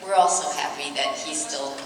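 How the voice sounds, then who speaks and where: Female panelist, chatty and easygoing, clear background noise. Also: low-pitched, moderate pace. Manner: chatty, warm-hearted, with many fillers and restarts. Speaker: voice actress on a convention panel. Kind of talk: casual panel Q&A. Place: large convention hall. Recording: echoey hall recording from far off.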